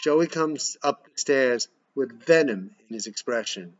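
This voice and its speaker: A man's voice: medium pitch, expressive, unhurried, few pauses. Man reading a script aloud. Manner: plain stage-direction reading. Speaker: script reader. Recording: dull lo-fi recording.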